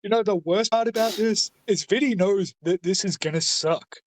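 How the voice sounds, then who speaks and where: A player at a tabletop role-playing session, talking bluntly and swearing freely between laughs. The voice sits at a middle pitch, recorded dry and close. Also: normal speed, no room sound. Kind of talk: casual tabletop game chat.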